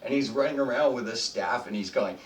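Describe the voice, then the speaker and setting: A man running a tabletop game as game master, narrating in a chatty, halting way with many fillers. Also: mid-range voice. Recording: roomy, distant mic, faint music.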